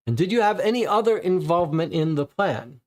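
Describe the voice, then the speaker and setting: Brief: man reading as a firm police major, pressing questions, slightly raised pitch. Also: sing-song, a little fast, darkish tone. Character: stern male police major questioning a suspect. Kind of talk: read-aloud case file role-play.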